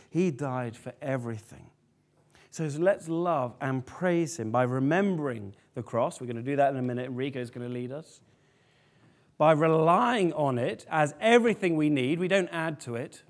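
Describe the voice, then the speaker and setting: A man preaching a sermon to a family congregation, lively and animated, often asking the room questions. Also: mid-range voice.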